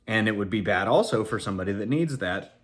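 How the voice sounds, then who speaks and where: A man's voice: fairly low pitch, animated, quick pace. A middle-aged man telling a story casually to the camera, rambling with many fillers and restarts, and chuckling as he goes. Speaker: channel host telling a story.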